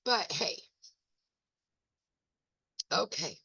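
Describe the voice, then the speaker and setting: A woman's voice: fairly low pitch, expressive, very slow, creaky, pushed and bright, breathy edge, no room sound. A folksy, self-mocking woman, chatting casually as the host of a home video, her eyes burning from pepper. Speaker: wellness ministry host. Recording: dull lo-fi dry sound.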